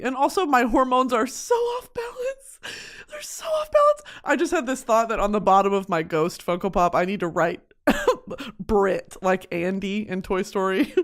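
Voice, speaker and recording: Animated, swearing young woman podcaster. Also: medium pitch. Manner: expressive, swears a lot, mocking self-talk. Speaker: podcast host. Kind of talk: casual chat. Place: home studio.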